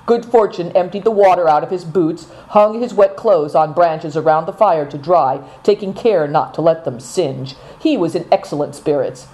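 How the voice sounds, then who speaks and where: A woman narrating a storybook, reading expressively at an even pace. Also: lowish voice, normal speed, few pauses, poor audio.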